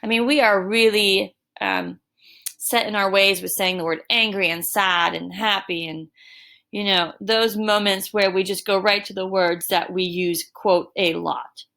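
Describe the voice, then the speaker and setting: A woman teacher giving a recorded lesson, explaining deliberately with emphatic examples. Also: mid-range voice, fairly even intonation, sharp tone. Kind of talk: recorded distance-learning lesson. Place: home.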